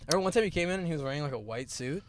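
A man's voice: fairly high pitch, expressive, very fast, noisy background. A young man in his twenties, a podcast co-host, telling a rambling, profane, laugh-filled story in casual chat from inside a car.

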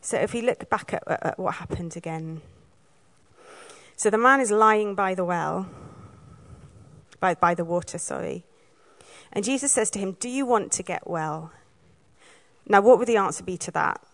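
A woman from Wales giving a sermon, telling the story in a lively way and acting out the lines she quotes. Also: medium pitch, normal speed, vocal fry, long pauses. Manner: lively storytelling, acts out quoted lines, laughs now and then. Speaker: preacher.

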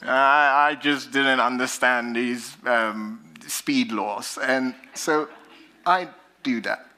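A man with a British accent preaches with a bright, ringing tone. He speaks slowly and deliberately, pressing hard on key words, then easing into hushed, quiet lines. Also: mid-range voice. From Britain. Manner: animated storytelling, rising to emphatic lines then dropping soft. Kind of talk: sermon.

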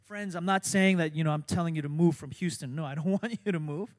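Pastor, male, middle-aged, high voice, dynamic sermon delivery with loud peaks, big hall reverb. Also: fast, few pauses. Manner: dynamic preaching, swings from soft to loud emphasis.

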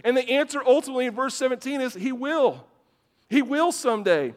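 A man's voice: very high voice, expressive, a little fast. A man preaching a sermon to a congregation in a church, weaving in personal stories and often repeating words at the start of phrases. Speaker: pastor. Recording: long hall reverb.

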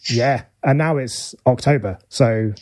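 A man's voice: medium pitch, a little slow, a little mellow. A man hosting a podcast in casual chat, easygoing and joking. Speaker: podcast host.

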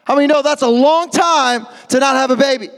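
A male preacher giving a lively sermon, urging the crowd to answer back, with jokey asides and sudden shouts. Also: very high voice, a little fast. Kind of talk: lively sermon with call-and-response. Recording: long echo of a large hall.

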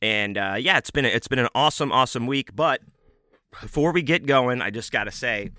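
A man hosting his own podcast, talking in a laid-back, rambling way with plenty of fillers as he gives shout-outs. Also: mid-range voice, a little fast, no room sound, clean studio sound. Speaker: podcast host.

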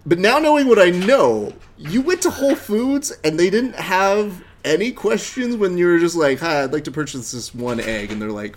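A man hosting a casual podcast interview, easygoing and quick to laugh. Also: high voice. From married man. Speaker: podcast host.

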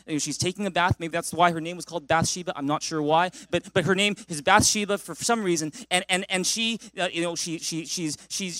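A man pastor preaching a sermon, telling a story in an animated way with frequent restarts. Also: sits high, no echo.

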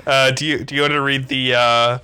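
A man co-hosting a comedy podcast in a playful, teasing manner. His voice is bright and sharply forward. He keeps nudging his partner along with mock-serious suggestions. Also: medium pitch, flat delivery, brisk, smooth. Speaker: podcast co-host. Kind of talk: comedic book discussion.

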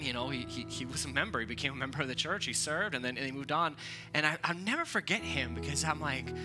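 A man, preaching a sermon in a conversational, animated storytelling way. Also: mid-range voice. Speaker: pastor.

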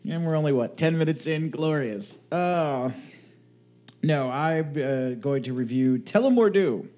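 A man's voice: fairly high pitch, expressive, measured pace, darkish tone. A man co-hosting a podcast from his home studio, chatting casually, joking and swearing now and then. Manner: jokey, swears casually, chuckles often. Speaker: podcast co-host. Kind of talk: casual chat.

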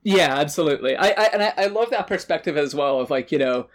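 A man's voice: a little high, expressive, quick pace, few pauses. A man co-hosting a tabletop podcast, talking through a character backstory in a thoughtful, hedging way full of fillers. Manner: thoughtful, hedging, heavy use of "like". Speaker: podcast co-host and player. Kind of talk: casual tabletop character-building chat.

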